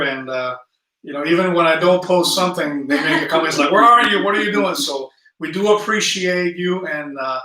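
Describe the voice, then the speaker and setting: A man's voice: fairly high pitch, pushed and bright, roomy sound, recorded from a distance, low-quality recording. A man with a South Jersey accent hosting a casual travel livestream, chatty and friendly, greeting viewers and reading their comments. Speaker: travel channel host. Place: indoor room at home.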